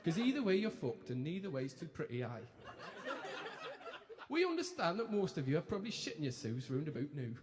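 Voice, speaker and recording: Background noise and laughter echo through the hall while a man performs a live impression of a chirpy young male TV presenting duo. His Geordie-accented delivery is brash, sweary and mock-cheerful, his voice a little high and sing-song at a fairly quick clip.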